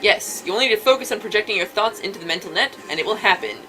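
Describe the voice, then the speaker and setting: A woman's voice: medium pitch, animated, very fast, pushed and bright, soft background music, poor audio. A woman reading game dialogue aloud with friends in a playful, mock-official way. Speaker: let's play host.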